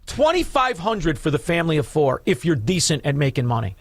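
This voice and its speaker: A man's voice: a little high, sing-song, brisk, creaky, no room sound. Combative, mocking male radio host. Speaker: radio talk show host. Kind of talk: talk radio taking calls. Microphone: studio microphone.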